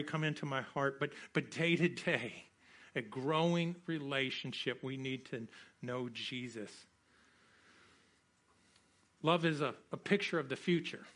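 A man preaching a sermon as a pastor, conversational and animated, often restarting his sentences and slowing for scripture. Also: a little high.

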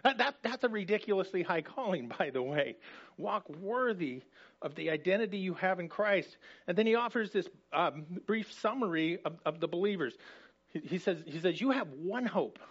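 A higher-pitched man preaches a sermon in a conversational yet emphatic way, often restarting his phrases. The recording is dull and lo-fi, with the top end muffled. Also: lively intonation, moderate pace. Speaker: pastor.

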